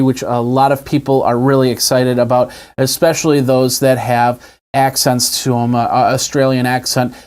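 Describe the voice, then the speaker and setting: A man hosting a casual tech video, chatting his way through a tablet demo indoors. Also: mid-range voice. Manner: chatty, demonstrating on screen as he talks. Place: indoors at a desk with a TV and monitor.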